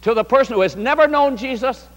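A man's voice: very high voice, quick pace, in a large hall. A man preaching a sermon, telling stories and speaking directly to the congregation. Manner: animated storytelling, addresses the congregation.

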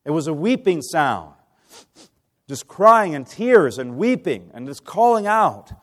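Guy preaching a sermon, fairly high voice, gets quiet then loud, keeps asking the church questions. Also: sing-song, unhurried. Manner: impassioned, swings from hushed to loud, asks the congregation questions.

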